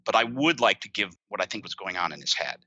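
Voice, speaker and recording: A man's voice: fairly low pitch, sing-song, fast, bright, forceful tone, dull audio, faint music behind. A man speaking earnestly and reflectively as a podcast guest, talking openly about his feelings. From United States. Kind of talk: candid conversation.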